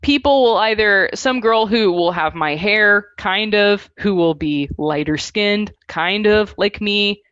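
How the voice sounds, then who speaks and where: Animated woman musician, lo-fi sound. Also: medium pitch, slow, hardly any pauses, smooth, no echo. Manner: animated storytelling with acted-out quotes. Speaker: musician guest. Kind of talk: casual interview chat.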